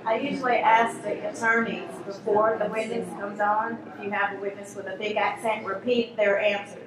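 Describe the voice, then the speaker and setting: A woman's voice: mid-range voice, fairly even intonation, normal speed. A woman in the audience sharing a tip in a matter-of-fact way. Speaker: audience member. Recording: echoey room from a distance, crowd.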